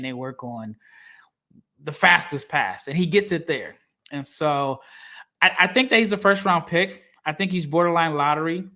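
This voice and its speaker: A man's voice: on the high side, pushed and bright. A man co-hosting a basketball draft podcast, talking casually and animatedly, laughing often and acting out quotes from others. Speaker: podcast co-host, draft analyst. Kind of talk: casual sports podcast talk.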